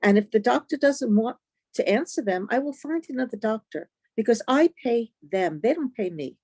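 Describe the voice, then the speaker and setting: A woman on a patient panel who talks bluntly and with firm conviction. Her voice sits at a middle pitch and sounds close and dry. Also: lively intonation, moderate pace, a little mellow, breathy edge, dry recording. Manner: blunt, determined. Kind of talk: panel discussion.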